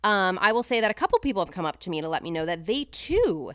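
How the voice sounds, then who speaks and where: A woman in her thirties co-hosting a podcast, chatting casually and getting emotional with quick asides. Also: medium pitch, sing-song, fairly bright tone, no room sound, studio quality. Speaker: podcast co-host. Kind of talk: casual chat.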